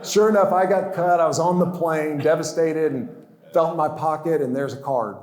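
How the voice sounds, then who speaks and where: A man's voice: on the high side, normal speed, darkish tone. A man in his sixties giving a personal testimony talk, stammering into restarts and chuckling as he tells his story. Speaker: guest speaker. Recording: roomy echo.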